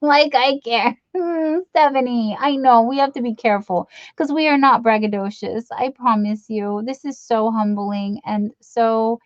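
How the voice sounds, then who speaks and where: A woman's voice: a little high, moderate pace, few pauses, no echo, dull audio. A middle-aged woman hosting a late-night live stream, chatting and reading out comments in a rambling, giggly, affectionate way with lots of fillers. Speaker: livestream host.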